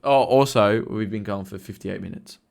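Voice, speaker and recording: A man with a lowish, gravelly, somewhat dark voice talks at a normal speed as he co-hosts a podcast. In casual chat he tells work stories bluntly and swears freely.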